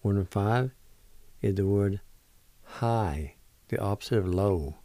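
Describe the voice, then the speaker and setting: Low mellow guy slowly spelling out words for a radio lesson, patient, says every syllable twice. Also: dry recording. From Oklahoma, United States. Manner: slow, patient, repeats each syllable. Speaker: language teacher on a radio show. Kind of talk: slow spelling and pronunciation lesson.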